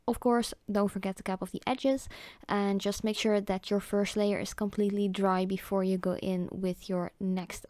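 A woman's voice: medium pitch, warm tone, no echo. A young woman, a native Dutch speaker, giving a casual nail art tutorial voice-over, chatty and full of fillers, sometimes correcting herself.

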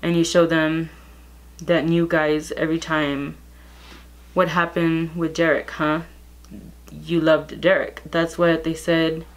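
A woman's voice: deep voice, level tone, takes it slowly, long pauses. A young woman telling a gossip story in a casual vlog, reading out text messages in a blunt, profane way.

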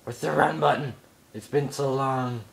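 A young man giving excitable let's play commentary, yelping and mock-outraged as he explores. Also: medium pitch, moderate pace, gravelly. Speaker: gamer.

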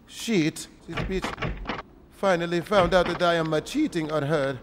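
A man's voice: a little high, measured pace, in a large hall, lightly acted. A man voicing a harried, crude married man with a put-on Mexican accent, speaking in stilted, formal phrasing over a noisy home game recording. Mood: worried.

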